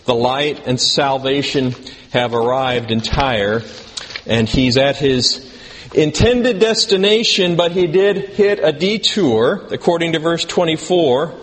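A man's voice: fairly high pitch, animated, takes it slowly. A male pastor preaching a sermon in a conversational way, asking the congregation questions and adding dry humor. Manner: dry self-deprecating humor. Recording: long reverb in a hall, faint background noise.

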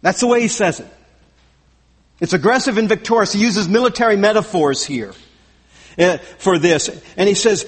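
A man's voice: high voice, animated, moderate pace, slightly rough, long reverb tail. A man preaching a sermon verse by verse, emphatic and repeating his key phrases. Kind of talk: expository sermon.

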